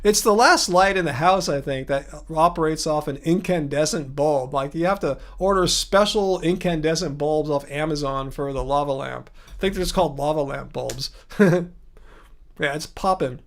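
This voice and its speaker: A man's voice: on the high side, normal speed, a bit bright. A man hosting a livestream in casual chat, rambling and chuckling often as he answers viewers. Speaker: livestream host.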